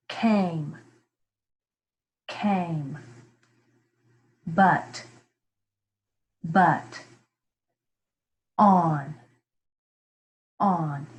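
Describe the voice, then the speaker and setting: A woman teacher giving an early reading lesson, sounding each word out slowly and clearly for young children. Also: mid-range voice, darkish tone. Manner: slow, careful, sounding words out clearly.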